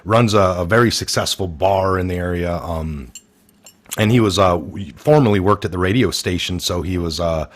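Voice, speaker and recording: A man's voice: low voice, normal speed. A man hosting a casual political talk show, rambling with many fillers and restarts and acting out quoted people in a raised voice. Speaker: podcast host.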